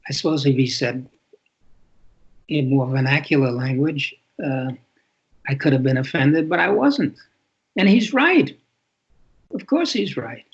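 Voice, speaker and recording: A man's voice: medium pitch, expressive, a little slow, pauses often. An older man, a guest author, telling reflective stories in a podcast interview and often restarting his sentences. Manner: reflective storytelling with frequent restarts. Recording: dull lo-fi sound.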